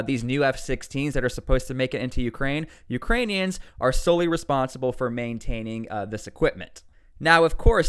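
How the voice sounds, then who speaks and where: A man giving casual commentary on world news, reading out article passages and reacting to them, his pitch jumping up on words he stresses. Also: smooth. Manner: animated, rises sharply on key words; reads out article text between remarks.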